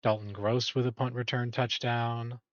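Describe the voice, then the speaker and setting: A man's voice: medium pitch, flat delivery, normal speed, no room sound. Chatty man hosting on dull audio. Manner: rambling, self-correcting, chatty. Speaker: awards show host. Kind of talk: casual awards commentary.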